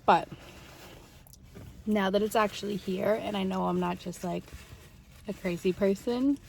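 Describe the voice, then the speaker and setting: A woman's voice: mid-range voice, fairly even intonation, a little slow, gravelly, a little hiss or hum. A young woman in a casual vlog, chatting to viewers while eating through a big meal, rambling and easygoing. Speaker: mukbang vlogger. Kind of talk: casual eating chat to camera.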